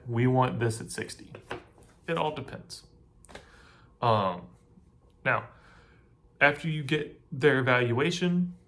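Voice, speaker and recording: A man at an ordinary middle pitch walks the viewer through the steps in a loose, chatty way. He repeats points and keeps checking that the listener is still with him. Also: fairly bright tone. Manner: chatty, repeats himself, frequent "right?" asides. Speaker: channel host giving advice. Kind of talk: casual how-to talk to camera.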